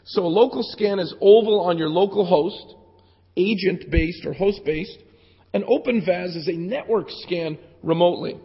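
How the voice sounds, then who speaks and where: Losing his voice to jet lag, a security conference speaker sounds raspy and frayed as he runs live demos in a technical talk, cracking casual jokes to the crowd. His voice sits somewhat high for a man and moves at a moderate pace. A long hall reverb fills the lo-fi conference hall recording.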